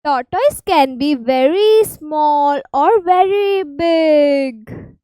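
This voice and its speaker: A woman's voice: sits high, expressive, mellow, no room sound, low-quality recording. Sing-song Indian woman teaching kids. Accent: Indian English. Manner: slow, sing-song, stretches key words. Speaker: preschool teacher. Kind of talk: teaching young children.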